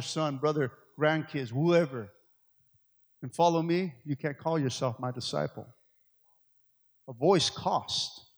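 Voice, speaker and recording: A man preaching a sermon as pastor, swinging from loud, urgent appeals to quiet, low passages. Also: long reverb tail. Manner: preaching with rising, shouted appeals and quiet stretches.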